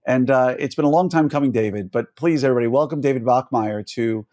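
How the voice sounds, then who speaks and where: A man's voice: mid-range voice, fast, mellow, no echo. A man hosting a podcast interview, giving effusive, admiring introductions with fillers and restarts. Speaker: podcast host.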